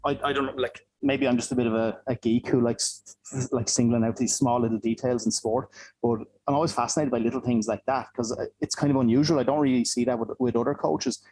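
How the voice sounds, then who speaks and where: A man's voice: mid-range voice, fairly even intonation, fairly quick, a little mellow, no room sound, low-quality recording. A man hosting an interview, asking long, rambling questions with hesitant restarts. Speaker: podcast host, interviewer.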